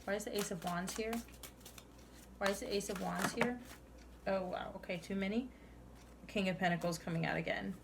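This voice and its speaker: A woman's voice: mid-range voice, steady tone, moderate pace, vocal fry, pauses often, heavy background noise. A young woman doing a tarot reading to camera, earnest and chatty, sighing now and then between cards. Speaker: tarot reader.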